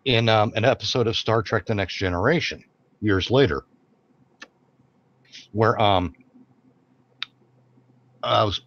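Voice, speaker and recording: A male co-host on a live stream talks in a low-ish, slightly bright voice, taking his time and pausing often. He chats casually and rants, swearing a lot, over dull lo-fi stream audio with background noise.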